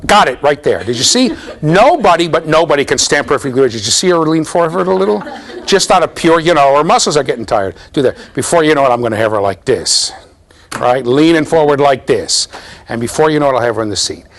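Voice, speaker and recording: Middle-aged male lecturer, lively sing-song delivery, playful, demonstrates with students in a big hall. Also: fairly high pitch, fairly quick. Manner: animated, playful, addresses students directly. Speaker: university lecturer. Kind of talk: classroom lecture with live demonstration.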